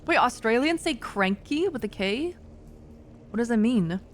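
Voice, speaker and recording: A woman's voice: fairly high pitch, animated, measured pace, a little hiss or hum. A woman streamer joking and chatting while playing a horror game. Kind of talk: casual gaming commentary.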